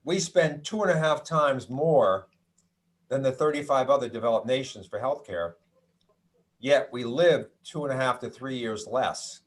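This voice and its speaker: A middle-aged man from the United States talks through a presentation in a mid-pitched voice. He is chatty and wry, with asides and restarts as he goes. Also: unhurried. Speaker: doctor giving a health talk. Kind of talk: presentation with slides.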